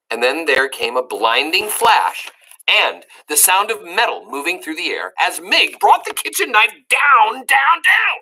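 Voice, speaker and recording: A woman reading a children's book aloud, pausing to explain words to young listeners. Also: low-pitched, bright, forceful tone.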